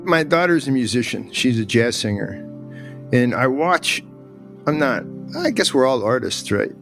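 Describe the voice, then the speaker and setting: A man's voice: mid-range voice, very animated, a little slow, a bit bright, faint music behind. A middle-aged man, a podcast guest, telling a story with emphatic repetition and rising emotion. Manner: emphatic, repeats words for emphasis, emotional at times. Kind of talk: animated storytelling in conversation.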